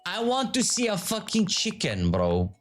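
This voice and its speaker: A man hosting his own video, giving casual live commentary to his viewers in an excitable, profane, teasing way. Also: high voice, takes it slowly, faint music behind. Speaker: video host.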